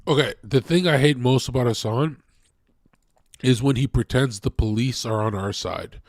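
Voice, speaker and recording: A man's voice: mid-range voice, normal speed, darkish tone, no room sound, clean studio sound. Candid, rambling man on a stream. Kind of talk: casual chat.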